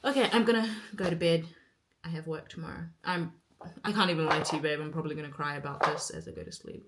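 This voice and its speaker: A woman's voice: low-pitched, steady tone, fast talker, background noise. A woman in her twenties talking to camera in a rambling, candid way, full of fillers and self-mocking asides. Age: 20s. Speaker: vlogger and actor. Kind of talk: casual chat to camera. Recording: roomy echo.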